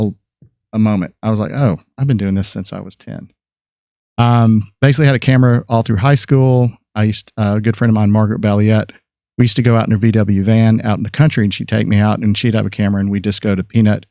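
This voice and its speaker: A man's voice: on the low side, fairly even intonation, quick pace, vocal fry, dark tone, no room sound, studio quality. A man in his fifties, a podcast guest and photographer, telling rambling stories about his life in a casual chat, with many fillers and restarts.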